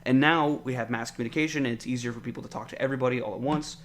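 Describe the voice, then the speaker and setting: A man's voice: mid-range voice, steady tone, rapid-fire, fairly bright tone. A young man from the United States hosting a solo podcast, ranting casually with frequent swearing, fillers and exasperated asides. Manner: rambling, profane, exasperated, many fillers. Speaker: podcast host.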